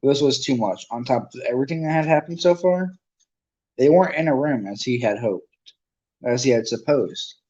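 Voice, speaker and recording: Brief: man, casual unpolished read-aloud, middle pitch, dull recording. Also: moderate pace, dark tone. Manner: unpolished, with restarts and asides. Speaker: reader.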